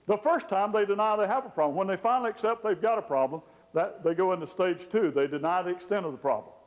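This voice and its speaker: A man gives a folksy teaching talk, playfully voicing the people in his examples. His voice sits high for a man. It rings out with a long reverb, as in a big hall. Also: fast. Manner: folksy, acts out quoted people with humor. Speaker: Christian counselor teaching.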